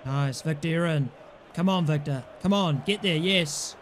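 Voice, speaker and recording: A man's voice: a little high, normal speed, some chatter behind, slight background noise. A young man playing a football video game and commentating, frustrated and swearing at his players. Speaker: gaming YouTuber.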